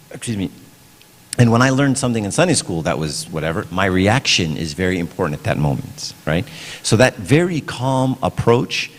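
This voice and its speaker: A man's voice: fairly low pitch, very animated, moderate pace. A middle-aged man giving a casual parenting talk at church, conversational, often asking "right?". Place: church hall. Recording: long hall reverb.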